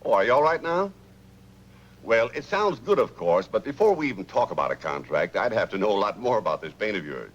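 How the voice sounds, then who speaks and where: A cautious school board official, measured and officious. His voice is low and husky, with lively turns of pitch. It sounds dull and muffled, like worn old film sound. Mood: surprised. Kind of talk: 1940s film acting.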